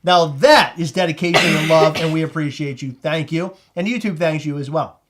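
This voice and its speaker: The host, a high-pitched man with a Maryland accent, runs a casual live chat at normal speed. He's excitable and rambling, and he often breaks into laughter.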